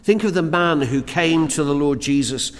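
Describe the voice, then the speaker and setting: Earnest preacher in a reverberant hall. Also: male voice, fairly high pitch, normal speed. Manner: earnest, emphatic, repeats words as he builds points. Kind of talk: sermon.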